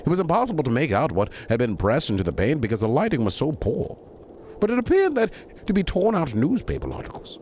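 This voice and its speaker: A man's voice: mid-range voice, very animated, fast, a little mellow, a little hiss or hum. A man reading a bedtime story aloud to a stream, breaking off for chatty, digressing asides.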